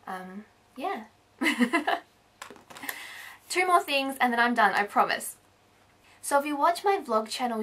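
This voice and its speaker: An Australian woman beauty vlogger chatting casually through a haul, rambling and correcting herself, a little hoarse as she is losing her voice. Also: medium pitch, fairly bright tone. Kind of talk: casual haul video chat.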